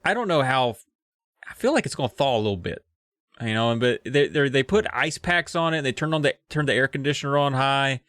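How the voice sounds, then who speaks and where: This voice is a man co-hosting a podcast who loosely recaps a kids' book. He fills pauses with "uh" and drops swears. His pitch moves a lot, and the recording is dry, with no room sound. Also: animated, a bit bright, dry recording. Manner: loose retelling with fillers and swearing. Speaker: podcast co-host. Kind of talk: casual comedic plot recap.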